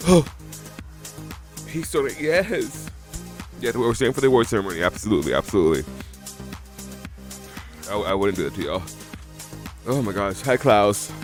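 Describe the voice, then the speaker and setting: A man's voice: fairly low pitch, sing-song, normal speed, long pauses, soft background music. A man streaming live, emotional and teary from crying, rambling as he reads out follower names. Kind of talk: live watch-along reaction stream.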